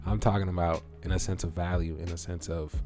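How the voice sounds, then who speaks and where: Deep-voiced man telling a casual story. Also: steady tone, quick pace, over music. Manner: loose, cursing, storytelling with acted-out reactions. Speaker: vlogger. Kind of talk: casual talk to camera.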